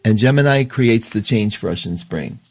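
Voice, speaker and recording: A man's voice: lowish voice, expressive, normal speed, a little mellow, breathy edge, no echo, soft background music. Man, astrology host, casual chatty talk, opinionated, laughs easily, dry close sound.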